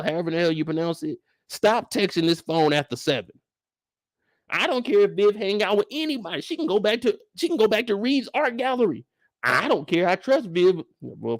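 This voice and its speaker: Man, show recap host, mocking rants, high-pitched, very lively, dry close sound. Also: no echo. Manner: mocking, does voices of characters, profane. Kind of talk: animated TV recap commentary.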